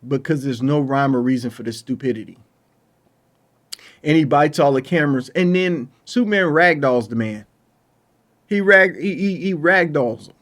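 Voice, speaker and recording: A man's voice: fairly high pitch, normal speed, a bit bright. A man giving a casual spoken film review, exasperated and ranting, with loose colloquial phrasing and frequent restarts. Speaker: movie reviewer.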